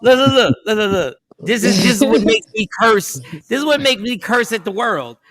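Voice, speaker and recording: A man hosting a casual morning talk show, telling stories in an animated, playful, ranting way. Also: high voice, moderate pace. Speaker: show host.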